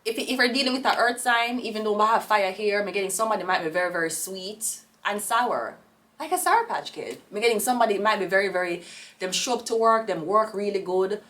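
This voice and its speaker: A woman's voice: mid-range voice, fairly quick, far from the mic. A Jamaican woman giving a casual tarot reading, rambling and blunt, with profane outbursts. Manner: rambling, blunt and profane, with sudden loud rants. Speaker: tarot reader.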